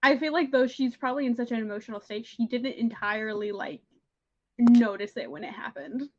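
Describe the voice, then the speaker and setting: A woman's voice: on the high side, brisk, darkish tone, muffled recording. A woman player in a tabletop game, musing and hesitant, often trailing off. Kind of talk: casual tabletop game chat.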